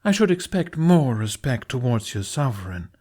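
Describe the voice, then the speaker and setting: A man's voice: mid-range voice, sing-song, normal speed, darkish tone, voice pushed up. A man voicing an impish, teasing winter spirit. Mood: mock posh. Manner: teasing, playful. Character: impish playful young male winter spirit.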